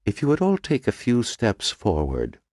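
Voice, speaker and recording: A man doing a soft Dublin medical examiner. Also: lowish voice, wildly swooping pitch, normal speed, no room sound, clean studio sound, pitched above the performer's own voice. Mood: pleasant, precise. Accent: Dublin Irish. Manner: soft, precise, lecturing. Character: older male medical examiner, soft-spoken and pleasant. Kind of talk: audiobook character voice.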